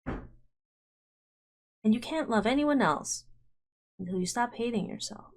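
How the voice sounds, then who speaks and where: A woman's voice: fairly high pitch, expressive, pitched above the performer's own voice. A woman reading as an earnest, kind dad. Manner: earnest, encouraging, measured. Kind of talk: reading game dialogue aloud.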